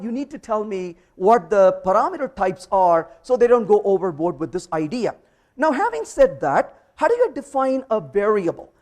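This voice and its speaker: Animated man giving a live coding talk. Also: extremely high pitch. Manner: energetic, emphatic, playful asides. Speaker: conference speaker teaching programming. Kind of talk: live technical presentation with code demo.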